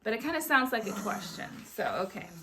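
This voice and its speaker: A woman's voice: fairly high pitch, animated, brisk, fairly bright tone, slight background noise. A woman hosting a book club, reading a storybook aloud to a child with chatty, playful asides.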